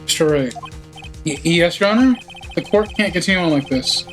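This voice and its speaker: A man voicing a slow, bewildered judge in measured, halting sentences. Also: on the high side, expressive, a bit bright, soft background music. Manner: halting, ponderous. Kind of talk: game dialogue read aloud.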